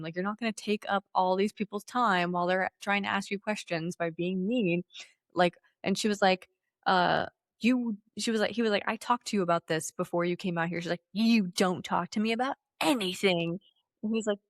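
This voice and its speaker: Female co-host, mid pitch, dry close mic, lively and foul-mouthed banter. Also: a little fast, dry recording. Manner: animated, profane, laughs often, acts out quotes. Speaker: podcast co-host. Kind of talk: casual chat.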